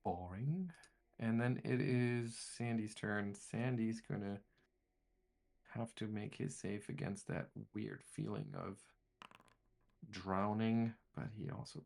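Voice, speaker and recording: A man with a low, gravelly voice runs a tabletop game as game master. He narrates turns casually and thinks aloud with restarts. His voice has a steady crackle of vocal fry. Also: takes it slowly.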